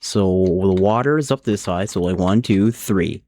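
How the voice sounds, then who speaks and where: A young man with a fairly low voice, talking through a live game stream in a casual, rambling way. He thinks aloud as he builds. Keyboard typing can be heard in the background. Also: measured pace, darkish tone, no room sound. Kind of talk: casual live-stream chat while gaming.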